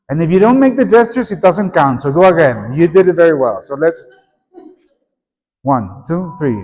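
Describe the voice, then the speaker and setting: A middle-aged man leads a workshop for teachers, lively and prompting the audience to repeat and join in. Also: on the high side, fairly quick, a crowd in the background. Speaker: teacher trainer. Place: conference room at a teachers' meeting. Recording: echoey conference hall.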